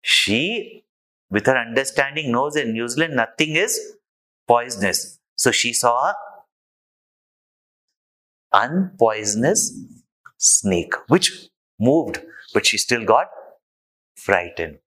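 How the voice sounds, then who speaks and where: A man's voice: mid-range voice, expressive, takes it slowly, pauses often, bright, forceful tone, poor audio. A man, a spiritual teacher, telling an anecdote in a sermon and drawing a moral from it. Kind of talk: sermon storytelling.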